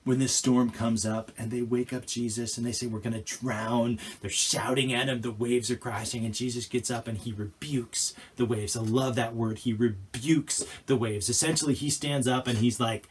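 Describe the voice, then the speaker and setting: A male pastor preaching a sermon in an animated way, acting out scenes and restarting phrases mid-sentence. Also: medium pitch, moderate pace, few pauses, slight background noise. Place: church.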